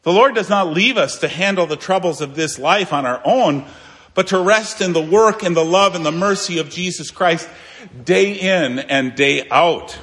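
A male pastor delivering a sermon in a slightly high voice, earnest and emphatic. He climbs to raised declarations, then drops to quiet, low asides. The sound carries a long reverb from the church hall. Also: normal speed. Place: church sanctuary.

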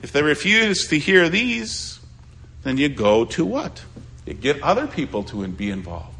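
A man preaching a sermon as a pastor, pleading and swinging between loud appeals and hushed asides. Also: fairly high pitch, very animated, slow, long pauses, slight background noise.

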